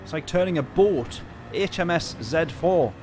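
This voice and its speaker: A man streaming a racing game, telling a story in a ranting, exasperated way with sudden loud outbursts. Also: a little high, expressive, measured pace, a little hiss or hum. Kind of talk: casual live-stream chat.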